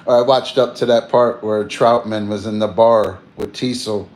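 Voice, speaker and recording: A man's voice: fairly low pitch, fairly even intonation, a little slow, darkish tone. A tired man hosting a livestream, chatting casually and drifting between topics, with slang and free swearing. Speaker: livestream host. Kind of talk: casual rambling chat.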